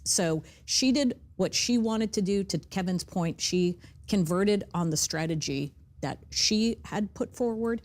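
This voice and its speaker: A woman political analyst giving measured panel commentary. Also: lowish voice, a little mellow.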